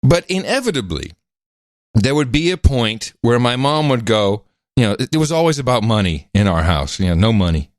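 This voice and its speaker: A man co-hosting a podcast in casual chat, animated and fond of mimicking voices when he quotes people. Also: mid-range voice, moderate pace, no room sound, clean studio sound. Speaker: podcast co-host.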